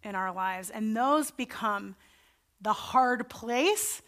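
A woman's voice: on the high side, animated, slow, a bit bright. A woman pastor preaching a sermon in an earnest, conversational way. Her voice climbs when she voices her own pleas and doubts. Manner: earnest and conversational, voice rising for quoted pleas to God.

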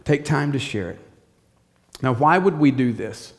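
A man's voice: mid-range voice, expressive, measured pace. A male pastor preaching a sermon in a direct, practical way, repeating short commands.

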